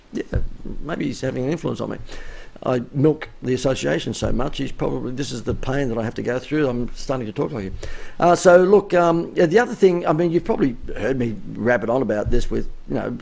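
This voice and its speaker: Gravelly man coaching. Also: mid-range voice, animated, fairly quick, darkish tone. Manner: chatty, emphatic, rising inflection. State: voice wearing out. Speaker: business coach. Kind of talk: live-streamed coaching talk.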